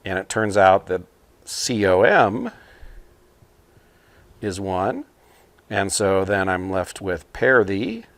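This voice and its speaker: A man teaching computing, talking a class through a problem at a whiteboard in a relaxed, explanatory way with frequent fillers. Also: low-pitched, measured pace, no echo. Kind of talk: casual whiteboard lesson explanation. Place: small room at a whiteboard.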